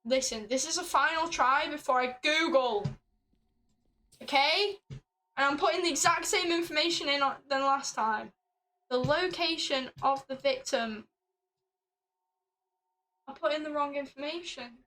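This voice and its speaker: A young woman with a high voice streams a puzzle game at a measured pace, leaving long pauses as she reads the game text aloud. She curses often, sounds exasperated, and launches into loud laughing rants in this casual live commentary. The recording is rough.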